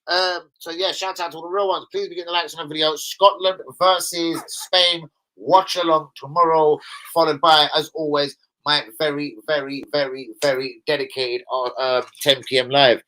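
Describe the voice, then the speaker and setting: Young guy rambling on his fan livestream, swears constantly, punchy bright tone. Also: fairly high pitch, little pitch movement, moderate pace, rough recording. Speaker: football fan channel host. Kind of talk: casual livestream chat.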